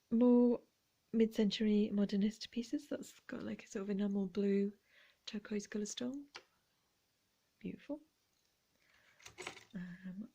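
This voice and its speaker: A woman chatting gently as she shows her vintage jewellery finds. She talks quietly, often slipping into whispers, with playful asides. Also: mid-range voice, vocal fry, slightly rough. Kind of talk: relaxed show-and-tell chat.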